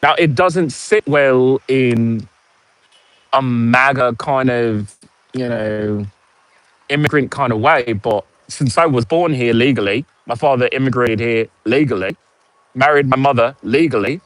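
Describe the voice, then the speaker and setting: A man's voice: medium pitch, a little slow, fairly bright tone, no echo. A man in his forties with a posh British accent, telling a sarcastic story in a casual vlog monologue. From United States. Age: 40s. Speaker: vlogger.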